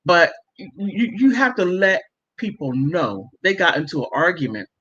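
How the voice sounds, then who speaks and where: A middle-aged livestream host reads viewer comments in a lowish, sing-song voice at a moderate pace, a bit bright and slightly rough. She chats emphatically, laughs often, and comes through muffled lo-fi audio.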